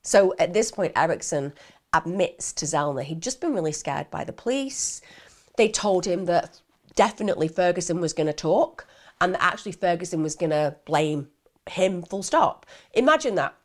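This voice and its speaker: Lively woman narrating true crime. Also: on the low side, normal speed. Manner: animated, chatty, addresses viewers directly.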